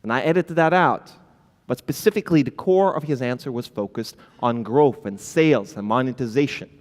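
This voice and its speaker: This conference talk comes from a man whose mid-range voice has a darkish tone and runs a little fast. He speaks directly to the audience while mimicking flustered founders fumbling with filler words, and the hall adds a long reverb.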